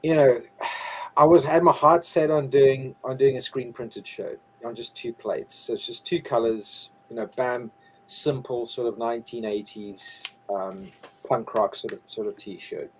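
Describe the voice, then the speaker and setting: A man's voice: medium pitch, steady tone, a little slow, slight background noise, low-quality recording. A man, chatting casually as a game creator guest on a video call and restarting his sentences often. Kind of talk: casual interview chat.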